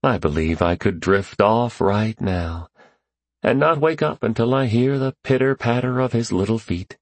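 A man voicing a tired, protective young mother who speaks softly and slowly. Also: on the low side, animated, no room sound, pitched above the performer's own voice. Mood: weary.

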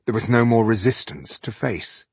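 Husky low-voiced male audiobook narrator. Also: darkish tone, dry recording. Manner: measured, dramatic storytelling. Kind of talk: scripted narration.

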